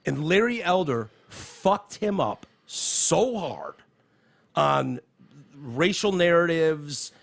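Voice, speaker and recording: A man hosting a podcast, talking in an animated, profane, casual way about the news. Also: on the high side, slow, vocal fry. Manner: animated, profane, reads quotes aloud. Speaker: podcast host. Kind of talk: casual political chat. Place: podcast studio.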